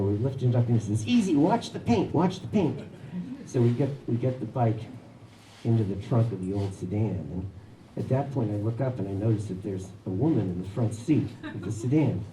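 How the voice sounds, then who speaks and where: A man with a fairly low voice tells a personal story to a live audience in a wry, chuckling manner. His voice rings around an echoey shop. Steady background noise runs beneath it. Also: far from the mic. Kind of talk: live anecdote telling.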